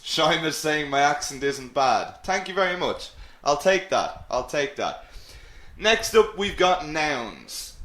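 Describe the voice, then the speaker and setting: Upbeat Irish man teaching slowly. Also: a little high, pushed and bright, roomy sound. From Ireland. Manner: upbeat, encouraging, repeats key phrases. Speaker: English teacher. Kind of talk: live webinar lesson.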